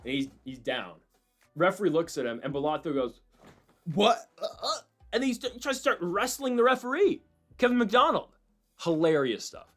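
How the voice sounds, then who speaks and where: Rambling, excitable fight-talk guy. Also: high voice, fairly quick, soft background music. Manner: rambling and excitable, with frequent asides. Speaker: MMA fight predictions host. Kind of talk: casual fight breakdown.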